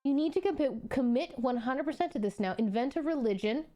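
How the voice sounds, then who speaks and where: A woman's voice: high voice, a little fast, faint music behind. A young woman streaming, reading a story aloud and reacting to it in disbelief, swearing and laughing as she goes. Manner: animated and incredulous, swearing freely, laughing often. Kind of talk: casual live-stream reaction.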